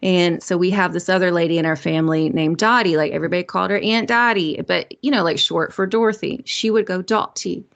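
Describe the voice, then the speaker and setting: Gravelly Southern woman chatting. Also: fairly low pitch, quick pace, few pauses. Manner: chatty, rambling, laughs often. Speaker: podcast co-host. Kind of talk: casual chat.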